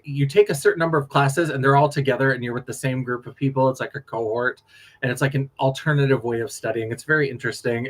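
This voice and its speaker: Sassy drag performer from North Dakota. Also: male voice, mid-range voice, fairly bright tone. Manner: sassy, laughing storyteller. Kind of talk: casual late-night chat.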